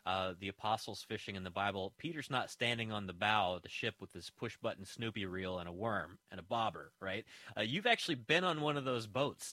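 A man's voice: lowish voice, bright, forceful tone, dry recording. A man hosting a radio interview, chatting loosely and asking questions. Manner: conversational, loose with fillers while asking questions. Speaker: radio host.

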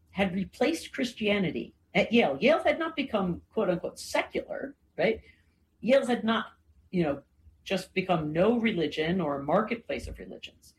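Woman, low-ish register, conversational explainer, leans on fillers and tag questions; light background noise. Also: a little mellow, poor audio. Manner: frequent "right?" and "you know" fillers, thoughtful. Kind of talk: conversational lecture.

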